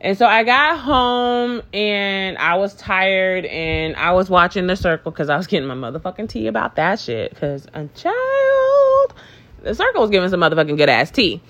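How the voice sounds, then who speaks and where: A woman's voice: on the low side, moderate pace, hardly any pauses, dull audio. A woman telling a rambling, profanity-laced storytime in a casual chat, acting out both sides of the conversation. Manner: profane, rambling, filler-heavy; animated, acts out both sides.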